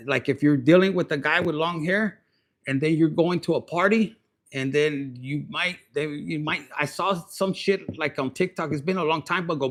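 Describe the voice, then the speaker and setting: A man's voice: a little high, fairly bright tone. Crude, joking man reading tarot. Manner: crude, joking, mixes in Spanish slang. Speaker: tarot reader.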